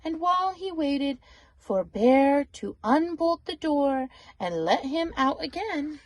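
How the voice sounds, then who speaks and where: An older woman reading a picture book aloud, with animated delivery and whispered asides to the listener. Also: sits high, slow pace. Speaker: storybook reader.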